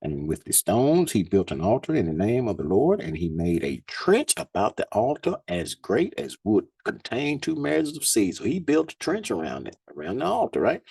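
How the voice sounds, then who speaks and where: A man's voice: lowish voice, huge pitch swings, normal speed, creaky, hardly any pauses, mellow, slightly rough, no room sound. A man, a Bible teacher, reads scripture aloud and breaks in with slangy, laughing asides between verses. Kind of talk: scripture reading with casual commentary.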